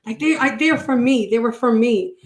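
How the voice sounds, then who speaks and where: A woman's voice: on the high side, normal speed, low-quality recording. A woman, a podcast guest, chatting casually with laughter and a teasing, self-deprecating manner, and sounding a little tired and unwell. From Ireland. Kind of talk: casual conversation.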